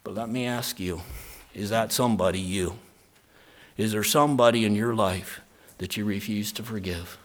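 A man preaching an emphatic sermon and telling a personal story, moving between soft earnest talk and loud, stressed lines. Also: fairly low pitch, moderate pace. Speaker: pastor.

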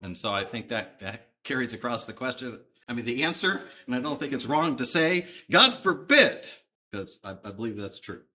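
A man preaching a sermon, conversational and emphatic, with thoughtful pauses. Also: medium pitch, pushed and bright. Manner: emphatic, conversational with fillers, pausing.

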